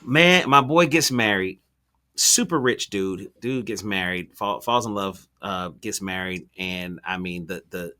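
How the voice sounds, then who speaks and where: A man with a somewhat low but forceful, bright-edged voice, talking as a show host. He tells stories in a relaxed, conversational way, slangy and animated, with plenty of ums and restarts. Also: a little slow. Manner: animated, slangy storyteller with many fillers and restarts. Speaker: podcast host. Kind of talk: casual conversational storytelling.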